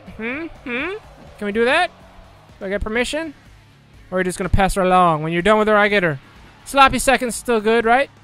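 A young man giving casual, excitable let's play commentary, joking crudely and shouting at the game. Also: high voice. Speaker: gameplay commentator.

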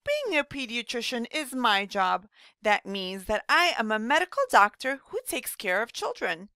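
A woman voicing a cheerful rhyming woman children's doctor, explaining slowly and gently to young children in a scripted read-aloud lesson. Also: fairly high pitch, very animated, no room sound, studio quality, full character voice. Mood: friendly.

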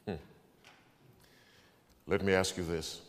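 A male pastor preaching a sermon, asking the congregation to answer back and swinging between quiet asides and loud proclamation. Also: deep voice, level tone, slow pace, long reverb tail.

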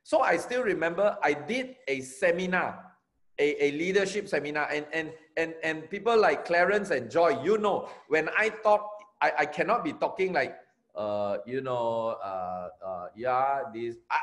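A middle-aged Malaysian man with a Malaysian accent, giving an energetic, emphatic motivational talk as a network marketing trainer and repeating his key phrases. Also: a little high.

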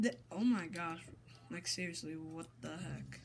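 A woman commentating her own gameplay, excitable and exasperated, swapping in mild minced oaths. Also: medium pitch, measured pace. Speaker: gamer.

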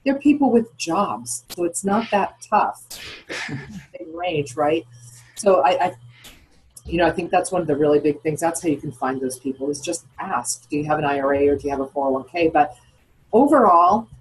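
A woman's voice: low-pitched, expressive, moderate pace, a little hiss or hum, poor audio. A woman guest on a podcast interview, explaining things in a chatty way and posing questions to herself as she goes. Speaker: guest, founder of retirement account custodian.

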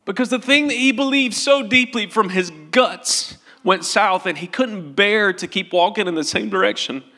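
A man's voice: high-pitched, normal speed, sharp tone, long reverb tail. A male pastor preaching a sermon in an earnest, tender way, in a church sanctuary.

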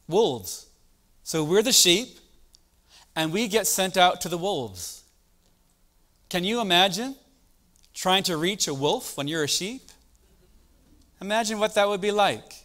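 A man with a somewhat high voice leads a church training session. He speaks with emphasis, rising and falling in loudness, and keeps putting questions to his listeners. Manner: emphatic, asks the audience questions, varies loudness a lot. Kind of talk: teaching talk with rhetorical questions.

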